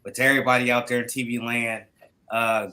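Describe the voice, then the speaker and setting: A man's voice: mid-range voice, level tone, brisk, sharp tone. A man hosting a podcast, opening the show with hype, slangy greetings. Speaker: podcast host.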